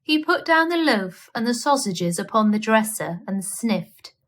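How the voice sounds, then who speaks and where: A woman reading a children's bedtime story aloud in a gentle, expressive manner. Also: on the high side, measured pace.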